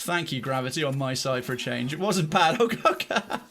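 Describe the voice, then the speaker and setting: A man with a mid-range voice streams a game, offering casual, self-mocking commentary that breaks into excited outbursts.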